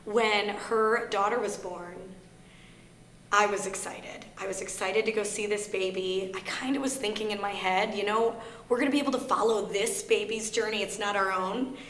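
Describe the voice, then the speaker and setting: A woman with a Minnesota accent speaks earnestly and openly to a gathered audience, her voice set at a middle pitch. She is recorded in a roomy, echoing library space. A faint hum sits under her voice. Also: fairly even intonation, moderate pace, fairly bright tone. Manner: earnest, candid storytelling with shifting emphasis. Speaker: guest speaker on grief. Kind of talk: personal talk to an audience. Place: library meeting room. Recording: echoey room with faint hum.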